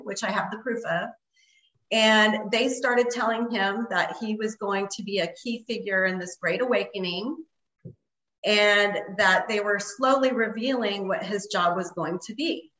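A woman's voice: on the high side, sharp tone, reverberant, low-quality recording. A woman guest telling a story in casual conversation, rambling with lots of fillers. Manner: rambling, many fillers like "like" and "you know". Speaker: interview guest.

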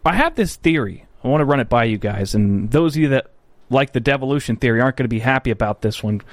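A man's voice: medium pitch, lively intonation, fast, no echo, studio quality. A man hosting a political commentary livestream. He talks bluntly and profanely, rambles, corrects himself often and answers viewer chat.

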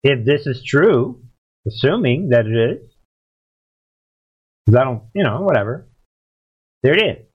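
A man's voice: medium pitch, very animated, a little slow, pauses often, slightly rough, highs cut off. Guy on a livestream rambling through news stories, emphatic, keeps talking to chat. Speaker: political livestream host. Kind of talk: casual livestream commentary.

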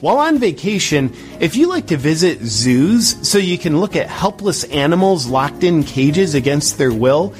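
A man reading a satirical mock travel ad in a deadpan, sarcastic manner. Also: fairly high pitch, moderate pace, hardly any pauses, faint music behind.

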